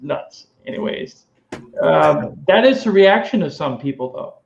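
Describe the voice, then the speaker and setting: A man's voice: fairly high pitch, lively intonation, measured pace, creaky, reverberant, highs cut off. A man hosting a casual panel chat over a video call, narrating clips in an easygoing way and laughing often. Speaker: host.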